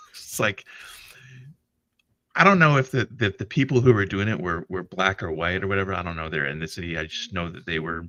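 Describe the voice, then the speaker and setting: A man hosting a casual livestream chat, animated and profane, laughing often as he tells stories. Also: low voice, brisk, no room sound. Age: older than internet youth. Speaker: podcast host.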